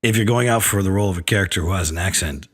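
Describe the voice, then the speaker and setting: A man's voice: deep voice, rapid-fire. A man who directs films hosts a radio advice segment for actors, talking frankly and wryly. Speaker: film director and acting coach, radio segment host.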